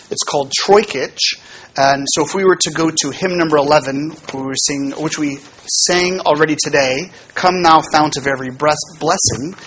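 A man, a pastor, giving a relaxed teaching talk to his congregation about how hymns are built, explaining with fillers and small asides. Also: on the high side, slight background noise.

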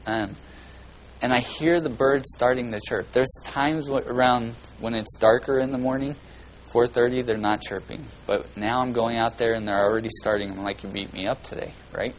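A man preaching a sermon in a folksy, earnest way, swinging between loud and hushed delivery. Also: mid-range voice, steady tone, moderate pace, a little hiss or hum, rough recording. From California.

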